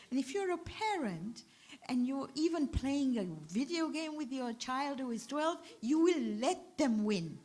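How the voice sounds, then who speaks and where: A woman's voice: a little high, expressive, a little slow, a little mellow. A woman with a British accent giving a majlis sermon, narrating a story and acting out the dialogue. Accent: British English. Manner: storytelling, acts out quoted dialogue. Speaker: zakira. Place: ladies' majlis hall.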